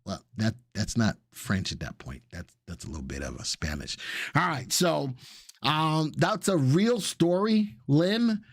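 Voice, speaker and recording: A man's voice: on the high side, very animated, measured pace, dry recording. Middle-aged male host, loose and jokey, chatty live stock talk, dry close sound. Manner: casual, jokey, chatty with viewers. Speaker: stock market show host. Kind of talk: live stock analysis chat.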